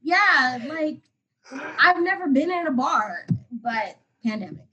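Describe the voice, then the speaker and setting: Sitting high with big pitch swings and a sharp tone, this 21-year-old Atlanta woman speaks slowly as a podcast guest, recounting a personal story casually and emotionally, rambling with lots of "like." Highs are cut off, with a little hiss or hum.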